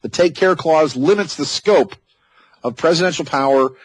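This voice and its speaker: A man's voice: fairly high pitch, moderate pace, rough recording. A man hosting a talk radio show, reading news items and breaking in with sarcastic, mocking asides. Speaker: radio host. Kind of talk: opinionated talk radio commentary.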